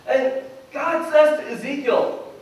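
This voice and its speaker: A man preaching with a fairly high voice, retelling scripture in a lively, theatrical way. He is picked up from a distance, so his words ring through a very reverberant church hall. A faint hum sits underneath. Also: takes it slowly. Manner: animated storyteller, acts out biblical dialogue. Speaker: pastor. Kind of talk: sermon. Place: church sanctuary. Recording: very echoey church hall from far off.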